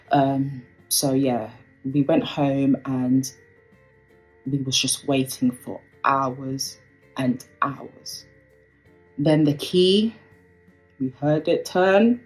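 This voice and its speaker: A woman's voice: extremely low pitch, a little mellow, low-quality recording. A young woman tells a personal story in a casual, rambling way, full of fillers. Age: young adult. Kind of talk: storytime recounting a personal experience. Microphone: phone.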